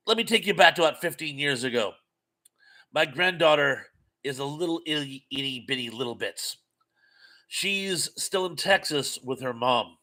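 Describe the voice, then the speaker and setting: Chatty older man with a bright voice. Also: fairly high pitch. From New England. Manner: chatty, rambling storyteller with lively swings. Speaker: livestream host reading chat. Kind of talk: casual live chat. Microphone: headphones and mic.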